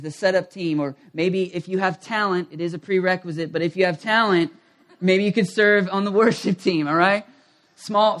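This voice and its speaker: A man preaching a sermon as pastor, animated, acting out quoted voices and rising toward shouts. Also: high-pitched. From United States.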